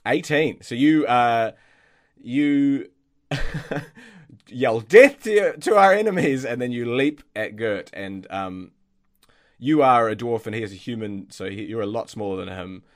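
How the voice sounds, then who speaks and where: A man's voice: mid-range voice, slow pace, pauses often. A man narrating as game master in a tabletop game, hesitant with many fillers and restarts.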